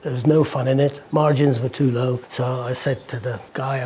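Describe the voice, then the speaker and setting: A man in his sixties from England, recalling his life in an interview, rambling and halting with restarts. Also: medium pitch, steady tone, mellow, slight background noise. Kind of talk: casual recollection.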